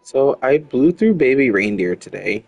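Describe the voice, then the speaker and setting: A man's voice: mid-range voice, sing-song, moderate pace, vocal fry, darkish tone, husky, no room sound, faint music behind, rough recording. A man chatting casually while streaming a game, rambling and frank, swearing freely with lots of "like". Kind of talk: casual gaming chat.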